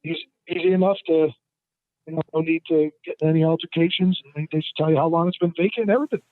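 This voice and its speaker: A man tells stories as the guest in a casual interview. He rambles, restarts, and fills pauses as he goes. His fairly high voice comes through a dry, tinny phone line. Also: steady tone, no echo. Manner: rambling, many fillers and restarts; acts out the people in his stories in a higher voice. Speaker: guest appraiser.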